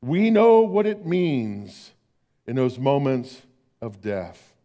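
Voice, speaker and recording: An older man preaching a sermon as pastor, swinging between emphatic declarations and hushed, slow tender passages. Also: medium pitch, sing-song.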